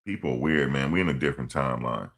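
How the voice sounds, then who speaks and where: A man's voice: a bass voice, fast talker, a bit bright. A man streaming, rambling through a story in casual slang and repeating his phrases. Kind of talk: casual livestream commentary.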